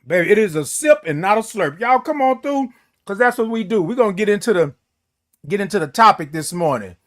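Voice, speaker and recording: Guy w a high voice hosting a morning stream, flamboyant n playful, stretches out his hellos, dry close sound. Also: animated, no echo. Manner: playful, flamboyant, drawn-out greetings and catchphrases. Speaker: host of a morning livestream show. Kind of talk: casual livestream chat reading viewer comments.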